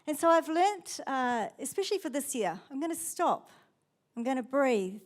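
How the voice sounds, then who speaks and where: A woman's voice: sits high, very animated, moderate pace. A middle-aged woman pastor with a New Zealand accent, preaching a sermon in a chatty, storytelling way.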